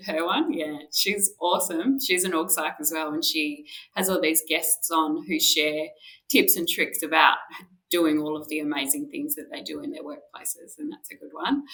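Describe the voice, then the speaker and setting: An Australian woman answers interview questions with chatty enthusiasm. Her voice is bright and forceful yet a bit low in pitch. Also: poor audio. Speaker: guest, organisational psychologist.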